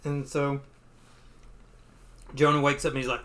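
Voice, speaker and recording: A man's voice: mid-range voice, monotone, unhurried, a bit bright. A man co-hosting a podcast, casually retelling a comic book story. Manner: casual, filler-heavy, playful. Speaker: podcast co-host.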